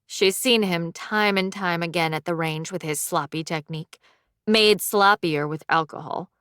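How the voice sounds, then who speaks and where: A woman narrating an audiobook with a measured, even reading. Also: medium pitch, dry recording, studio quality. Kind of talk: scripted narration.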